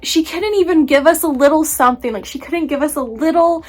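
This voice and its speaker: A young woman vlogging about a book she just read, talking casually with animated, exaggerated asides and frequent laughter. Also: high-pitched, a little fast. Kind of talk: casual book review vlog.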